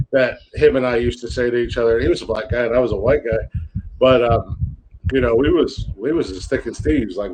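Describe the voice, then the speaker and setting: A man's voice: mid-range voice, darkish tone, slight background noise, rough recording. A man co-hosting a podcast in casual chat, talking loosely and profanely with many stops and restarts. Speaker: podcast co-host.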